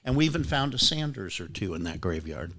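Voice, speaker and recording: A man's voice: low voice, sing-song, brisk, pushed and bright. Rambling older man telling stories. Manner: rambling anecdotal, swears freely, many restarts. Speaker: rare bookseller and book club guest. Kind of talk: casual storytelling chat.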